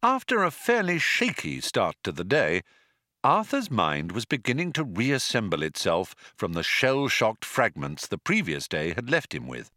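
A man narrating an audiobook in a dry, wry, unhurried storytelling manner. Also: on the low side, wildly swooping pitch, bright, forceful tone, dry recording.

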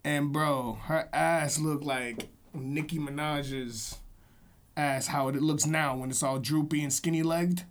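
A man's voice: a little high, fairly even intonation, slow. A man co-hosting a podcast in casual chat, joking and teasing his friend with slangy talk and frequent laughs. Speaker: podcast co-host.

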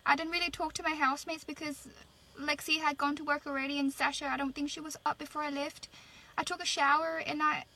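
A high, bright woman's voice from Australia, speaking with an Irish-sounding accent. She recounts things in a matter-of-fact way in a selfie video update. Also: level tone, quick pace. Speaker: social media poster.

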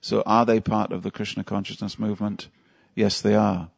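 A man's voice: on the low side, flat delivery, moderate pace, gravelly, slightly rough. A man giving a devotional class at a temple, telling stories in a conversational way and asking his listeners questions. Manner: storytelling, conversational, asks the audience questions. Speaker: temple lecturer.

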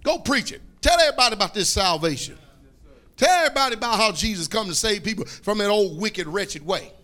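A man preaching a fiery sermon, repeating phrases, calling for responses and breaking into shouts. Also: high voice, animated, brisk.

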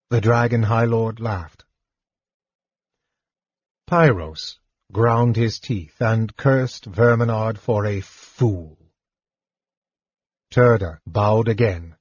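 Male audiobook narrator, measured, slow, dry close sound. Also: mid-range voice, a little mellow, slightly rough, dry recording. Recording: dull, dry lo-fi recording.

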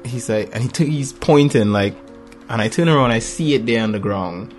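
A man in his thirties telling family stories in a casual chat, lively and acting out voices with laughter. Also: normal speed, soft background music. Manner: animated storyteller, acts out voices with big pitch jumps and laughter.

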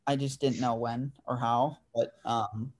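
A podcast host in his twenties tells a story in laid-back, casual chat, saying "dude" and "like" often. His medium-pitched voice stays steady at a measured pace.

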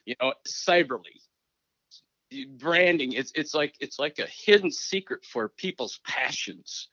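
Speaking a little high and a little slow, an ex-hockey coach from Minnesota recounts stories in a casual interview, animated as he acts out past exchanges. There's no echo; the lo-fi recording sounds dry and dull.

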